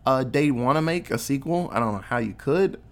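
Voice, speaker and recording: A man talks briskly in a medium-pitched voice while casually summarizing a movie plot. Animated, he acts out what the characters say and swears liberally.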